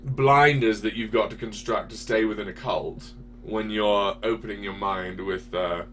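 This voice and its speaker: A man's voice: on the low side, steady tone, moderate pace, fairly bright tone, slight background noise. A man hosting a casual talk show, ranting with swearing and rhetorical questions. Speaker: podcast host. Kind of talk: casual political chat.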